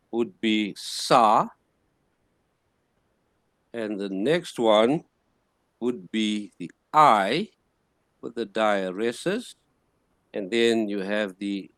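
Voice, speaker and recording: A man teaching a classroom lesson, sounding out words slowly syllable by syllable and repeating them. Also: on the low side, fairly bright tone, no echo, studio quality.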